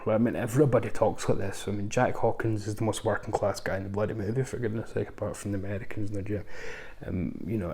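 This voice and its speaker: A man talks through a film review in a loose, chatty way, full of ums and restarts. His voice sits fairly low, with a mellow, warm tone. He goes off on asides as he goes. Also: fairly even intonation, quick pace. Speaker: film reviewer, channel host. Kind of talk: casual spoken film review.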